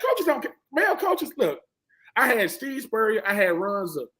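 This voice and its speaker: A middle-aged man with a notably high voice, talking sports in an animated, preachy way. A former college football player and panel guest, he acts out the lines of coaches and players as he tells his stories. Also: normal speed, long pauses, poor audio. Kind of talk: animated sports talk, storytelling.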